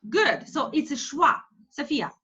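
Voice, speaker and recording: Slow, lively woman teacher. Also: high voice. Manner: slow, careful, repeats words for drilling. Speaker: English phonics teacher. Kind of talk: online class teaching. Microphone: video call. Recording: dull lo-fi online call audio.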